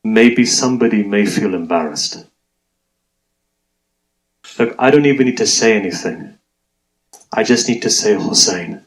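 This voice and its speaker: A man's voice: on the low side, a little slow, long pauses, rough recording. A man preaching a mourning sermon, telling a story in a conversational way and speaking straight to his listeners. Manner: conversational storytelling, addressing the audience directly. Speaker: Muslim preacher.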